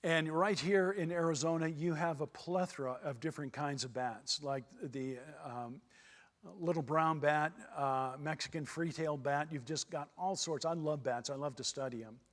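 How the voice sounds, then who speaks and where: A man's voice: fairly high pitch, normal speed. A man from Texas giving a church seminar lecture in a folksy way, repeating his points for emphasis. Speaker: seminar speaker. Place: church hall. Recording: long hall reverb.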